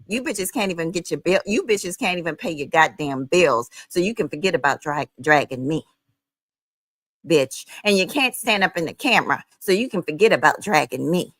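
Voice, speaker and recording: A woman's voice: fairly low pitch, expressive, moderate pace, a bit bright, no room sound. A middle-aged woman hosting a livestream, ranting angrily in a profane, confrontational, taunting way. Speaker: livestream host. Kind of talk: angry livestream rant.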